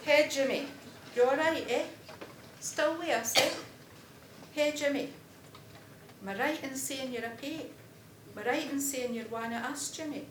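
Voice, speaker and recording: A man's voice: very high voice, unhurried, long pauses, fairly bright tone, pitched above the performer's own voice. A woman voicing a cheeky, chatty working-class man from Glasgow in a Glaswegian accent, in coaxing, familiar banter. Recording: roomy hall with background noise.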